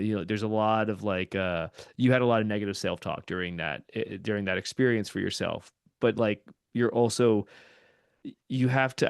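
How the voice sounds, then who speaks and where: Male guest, low smooth voice, dry close sound, earnest and thoughtful. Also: no room sound. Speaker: podcast guest, ultrarunner and commentator. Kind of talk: casual interview talk.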